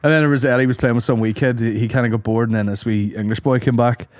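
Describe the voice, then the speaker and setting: A man's voice: mid-range voice, steady tone, quick pace, a little mellow, no echo, clean studio sound. A man co-hosting a podcast, telling rambling, sweary comic stories and acting out voices. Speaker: podcast co-host. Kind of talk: casual comedic storytelling.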